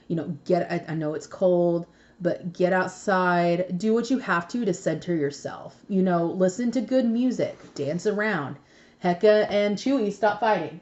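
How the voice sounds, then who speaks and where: A woman's voice: mid-range voice, a little mellow. A young woman reads tarot cards in a casual, rambling way, cursing freely and breaking into laughter. Her voice sits in a middle range. The recording is slightly dull and lo-fi. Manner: chatty, swears freely, laughs often. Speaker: tarot reader. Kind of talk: casual tarot reading vlog.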